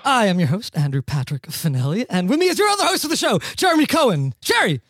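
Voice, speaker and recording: Animated joking male podcast host. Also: high-pitched, fast, soft background music. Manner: animated, jokey, laughs often. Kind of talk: casual comedic music-critique chat.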